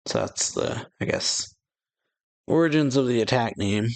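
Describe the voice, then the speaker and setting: A gravelly-voiced man casually talks through a manga chapter, pausing on ums and restarts between lines. The sound is close and dry, with no room around it. He gives the quoted dialogue a small lift in tone. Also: medium pitch, animated, dry recording. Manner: reads quoted lines aloud with a lift, hesitant fillers. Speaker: reaction channel host.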